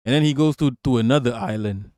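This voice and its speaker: A man's voice: medium pitch, fast, dark tone, no room sound, clean studio sound. A man live-streaming, reacting to a video and his chat in brash, profane casual talk.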